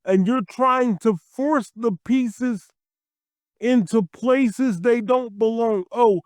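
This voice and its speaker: High-voiced man ranting slowly. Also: no room sound, studio quality. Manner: blunt, exasperated, swears freely. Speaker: wrestling commentary YouTuber. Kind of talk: profane rant to camera.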